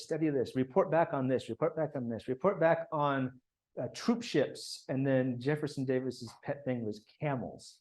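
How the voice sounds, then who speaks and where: A man's voice: mid-range voice, warm tone, poor audio. A man giving a history lecture as guest speaker, telling it casually with restarts and asides.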